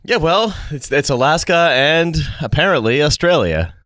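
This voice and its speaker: A man's voice: fairly high pitch, lively intonation, moderate pace, a bit bright, dry recording, clean studio sound. A man hosting a comedy podcast, steering the chat in a wry, giggly way. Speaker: podcast host.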